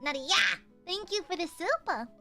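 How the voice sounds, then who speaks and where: A woman's voice: extremely high pitch, animated, normal speed, fairly bright tone, soft background music. A woman streamer chatting casually with her viewers, giggly and rambling with lots of fillers. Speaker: livestreamer.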